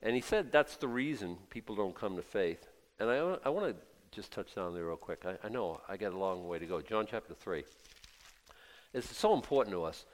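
Middle-aged guy preaching, kinda low voice, chatty then loud, big reverby hall. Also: lively intonation, moderate pace. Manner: conversational preaching, swings from quiet asides to loud emphatic bursts. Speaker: pastor. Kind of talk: sermon.

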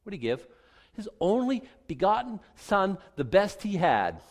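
A middle-aged man preaching with a lively, swooping voice that sits a little high for a man. He jokes and acts out little voices, then leads a prayer. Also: normal speed. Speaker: pastor. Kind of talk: sermon.

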